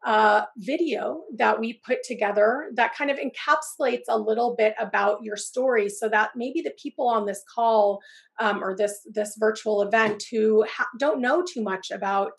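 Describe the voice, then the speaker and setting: A woman's voice: a little high, normal speed, gravelly. A woman with a scratchy voice from a cold, moderating a webinar conversation on press freedom over a video call. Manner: conversational, with frequent ums and restarts.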